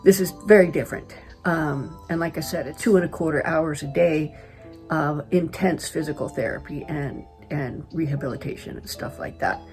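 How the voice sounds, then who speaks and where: A middle-aged woman from California, chatty and animated, telling a personal story to camera as a travel vlogger. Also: sits low, moderate pace, soft background music. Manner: chatty, animated retelling with quoted dialogue.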